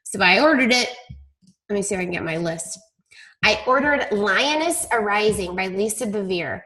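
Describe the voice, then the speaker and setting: A woman's voice: medium pitch, expressive, normal speed, sharp tone. A woman leading her team call, telling stories in a chatty, self-deprecating way. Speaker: team leader on a coaching call. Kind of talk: casual team call talk.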